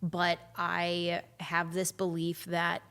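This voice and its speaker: A woman's voice: on the low side, completely flat delivery, a bit bright, clear, resonant tone. A woman guest on a podcast, chatting candidly in a goofy, off-the-cuff way. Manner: goofy, candid, talks in quick bursts. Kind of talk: casual chat.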